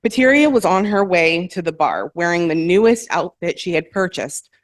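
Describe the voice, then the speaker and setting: A woman at an open mic, reading her own novel aloud in a measured, careful way and correcting small slips as she goes. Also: lowish voice, expressive, dry recording. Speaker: featured author at an open mic. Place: performance hall, in person.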